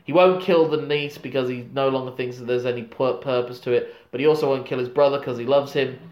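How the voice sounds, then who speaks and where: A man's voice: medium pitch, fairly even intonation, fast talker, darkish tone, reverberant, lo-fi sound. A man co-hosting a casual podcast, retelling a film's plot with laughs and swearing. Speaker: podcast co-host. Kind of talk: casual film recap chat.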